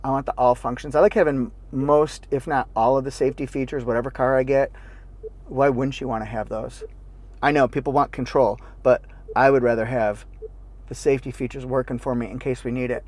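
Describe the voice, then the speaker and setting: A man's voice: medium pitch, fairly even intonation, a little fast, a little mellow. A man giving a casual, upbeat car review from inside a parked car, playful and talkative, with goofy sound effects. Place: inside a parked car with the engine and air running.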